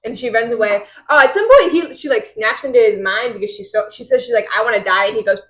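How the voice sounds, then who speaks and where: A woman's voice: fairly high pitch, quick pace, a bit bright, poor audio. A woman recapping a novel's chapters in casual, rambling podcast chat, acting out the characters' lines. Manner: rambling retelling with quoted voices. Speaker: podcast host.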